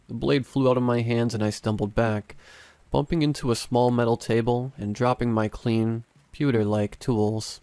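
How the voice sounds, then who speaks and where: A man narrating a first-person horror story in a measured, dramatic way. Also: on the low side, darkish tone, no room sound.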